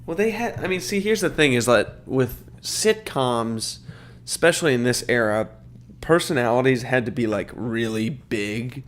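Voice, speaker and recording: A man's voice: medium pitch, moderate pace. A young man co-hosting a podcast in casual chat, rambling and thinking aloud with lots of fillers. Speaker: podcast co-host.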